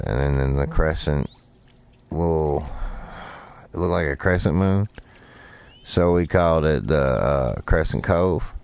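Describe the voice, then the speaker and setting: A man with a very low, smooth voice rambles through a long, profane story at an unhurried pace. He speaks casually while he plays a fishing game on stream. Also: darkish tone.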